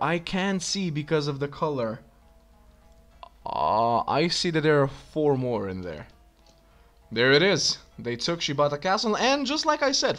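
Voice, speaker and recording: A man commenting on his own gameplay in a casual, rambling way. He thinks aloud and fills pauses with "uh". His voice sits at an ordinary mid pitch. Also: a bit bright. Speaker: let's play gamer.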